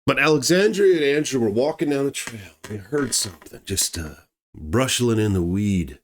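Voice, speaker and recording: A man's voice: mid-range voice, lively intonation, moderate pace. Rambling man telling a bear story. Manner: rambling, conversational, digresses often; shouts acted quotes in a raised voice. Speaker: horror story narrator. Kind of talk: casual storytelling with asides.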